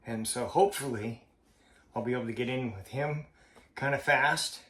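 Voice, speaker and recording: Man, slow halting delivery, frequent cough, mid pitch, roomy echo. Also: a bit bright. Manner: slow, halting, heartfelt, pausing often. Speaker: vlogger. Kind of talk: personal vlog monologue.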